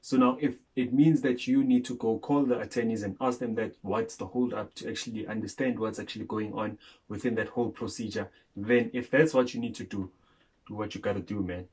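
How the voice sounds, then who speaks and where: Husky man explaining property steps. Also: lowish voice, steady tone, brisk, darkish tone, rough recording. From South Africa. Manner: explanatory, repeats "actually" and "so now". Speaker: co-host. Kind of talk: casual property advice chat.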